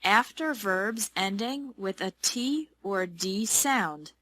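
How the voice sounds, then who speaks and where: A woman teaching English pronunciation moves slowly and carefully through the lesson, articulating every model word with deliberate clarity. Her middle-pitched voice has lively intonation and sounds pushed and bright.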